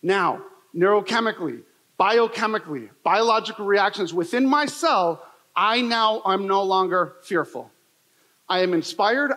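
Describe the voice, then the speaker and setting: A man's voice: high-pitched, a bit bright. A man giving a motivational keynote talk, telling personal stories with emphatic, repetitive phrasing. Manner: emphatic, repetitive, storytelling delivery. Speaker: motivational speaker. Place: large event hall. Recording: long reverb of a large hall.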